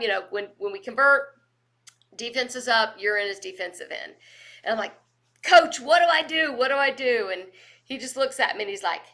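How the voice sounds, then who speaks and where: A woman, giving a virtual leadership training and telling stories with energy and laughter over a video call microphone. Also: on the high side. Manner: energetic, animated storyteller who laughs often. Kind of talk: virtual training lecture with storytelling.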